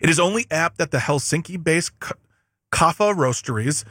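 A man with a fairly high voice reads headlines to his co-host, stopping often for wry asides and tripping over hard names. The sound is dry and close, with little room around it. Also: expressive, moderate pace, bright, forceful tone, no echo. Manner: joking, reads with asides and stumbles. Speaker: podcast co-host. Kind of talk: casual chat, reading headlines aloud.

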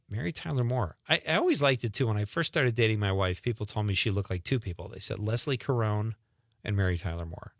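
A man with a fairly low, creaky voice hosts an evening radio show from a studio, chatting casually and ramblingly with self-deprecating asides. The studio microphone recording sounds dry.

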